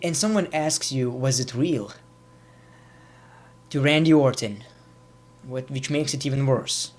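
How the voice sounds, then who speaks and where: A man's voice: mid-range voice, a little slow, slight background noise. A man doing casual, rambling reaction commentary as a YouTuber, laughing at the clips he shows.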